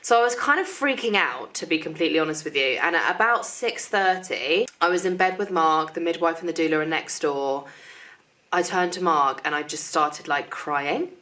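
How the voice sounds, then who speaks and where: Chatty low-voiced young woman vlogger. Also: pushed and bright. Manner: chatty, quick, full of fillers like "like"; shifts into a high sing-song voice talking to her child. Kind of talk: casual storytelling to camera.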